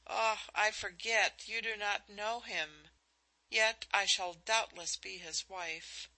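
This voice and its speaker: A woman reading the part of a young princess who speaks in a low, steady, resigned way. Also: slow pace, poor audio. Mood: bitter. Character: young princess, dutiful and despairing.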